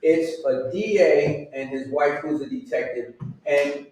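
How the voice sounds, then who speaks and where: A man's voice: a little high, unhurried, darkish tone. A man in his sixties hosting a show and doing stand-up, self-mocking and chatty as he drifts between asides in a small room. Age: 60s. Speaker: host and stand-up comedian. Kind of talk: live stand-up comedy. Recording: echoey room, mic far off, faint noise.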